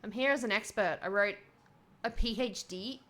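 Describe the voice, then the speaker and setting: A woman's voice: mid-range voice, moderate pace, a bit bright, lightly acted. A woman reading as an earnest chicken expert. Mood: matter-of-fact. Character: earnest chicken meat-industry expert, male.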